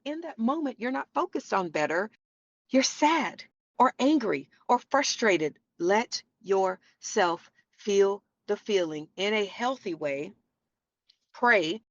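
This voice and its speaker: A woman's voice: medium pitch, no echo, muffled recording. A woman hosting a faith-based podcast, talking earnestly and preachily to her listeners. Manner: earnest, preachy, says y'all often. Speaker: podcast host. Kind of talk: faith-based motivational talk.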